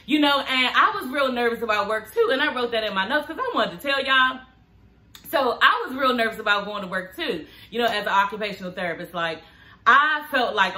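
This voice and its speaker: A woman's voice: fairly high pitch, expressive, fairly quick, sharp tone, reverberant. A woman in her thirties chatting casually to her viewers in a vlog, frank and profane, calling them honey and girl. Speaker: TV show reviewer.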